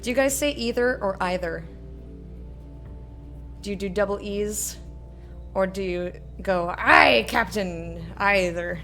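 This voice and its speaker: A woman's voice: medium pitch, unhurried, long pauses, soft background music. A woman streamer giving casual, rambling, self-mocking commentary while playing a game. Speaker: let's play streamer.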